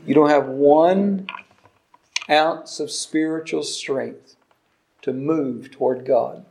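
Man in his 60s, preacher, emphatic delivery, higher-pitched voice. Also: takes it slowly, creaky. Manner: emphatic preaching, swinging between soft asides and loud stresses. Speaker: pastor. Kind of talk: sermon.

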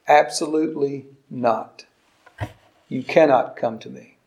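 A man in his sixties preaching a sermon, emphatic, with soft asides and loud stresses. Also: a little high, measured pace. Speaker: pastor.

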